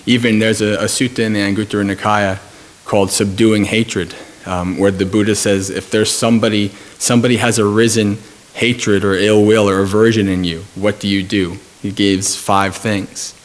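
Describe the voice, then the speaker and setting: Calm low-voiced monk giving a dharma talk. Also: male voice. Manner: calm, measured storytelling with frequent pauses and fillers. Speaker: Buddhist monk teaching at a retreat.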